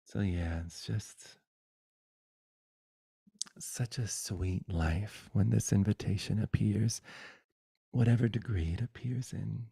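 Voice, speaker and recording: Man leading a satsang over a video call, really slow, husky low voice, goes quiet and whispery a lot. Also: no echo, clean studio sound. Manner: soft, unhurried, often dropping to a whisper. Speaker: spiritual teacher. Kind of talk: spiritual satsang talk.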